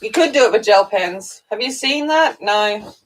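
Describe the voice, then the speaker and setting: A woman's voice: medium pitch, animated, normal speed, a little hiss or hum, poor audio. Chatty tired woman livestreaming from home. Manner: chatty, greets viewers by name, talks while eating. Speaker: coloring channel host. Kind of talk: casual livestream chat.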